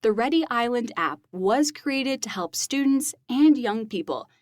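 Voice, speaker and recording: A woman's voice: a little high, lively intonation, measured pace, no room sound, clean studio sound. A woman co-hosting a lab podcast, reading short semi-scripted segments with an upbeat manner and easy asides. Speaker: podcast co-host.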